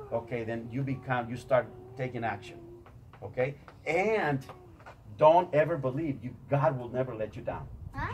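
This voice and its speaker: Man giving a pushy motivational faith talk, far from the mic, noisy room. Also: mid-range voice. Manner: emphatic, repetitive, questions the audience. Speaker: motivational speaker.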